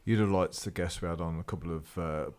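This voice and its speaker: Deep-voiced man, fast and emphatic. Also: fairly even intonation, darkish tone, smooth. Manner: emphatic, opinionated, rushes through points. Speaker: podcast host. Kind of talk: casual podcast conversation.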